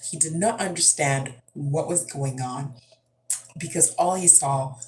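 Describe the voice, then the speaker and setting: A mother chats to camera, recounting a household mishap in a loose, rambling way. Her voice sits low for a woman. There is a faint hum behind her. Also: a little slow, rough recording. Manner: chatty, rambling, lots of fillers and asides. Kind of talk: casual storytelling vlog.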